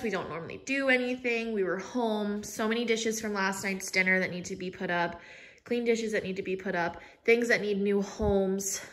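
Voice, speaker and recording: A woman's voice: mid-range voice, fairly bright tone. A young woman, chatting casually to viewers as she cleans and tidies her home. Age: young adult. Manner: chatty, talks to viewers while tidying. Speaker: lifestyle vlogger. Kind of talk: casual cleaning vlog chat. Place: home, bathroom and closet. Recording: echoey room.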